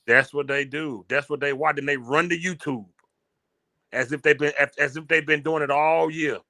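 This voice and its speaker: Blunt, slangy man with a higher voice. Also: steady tone, moderate pace, sharp tone. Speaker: podcast co-host. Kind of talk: casual chat.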